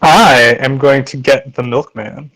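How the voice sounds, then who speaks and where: A man's voice: medium pitch, a little slow, a bit bright, poor audio. A man playing a tabletop game online who eagerly says what his character does. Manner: eager, declaring actions. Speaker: player.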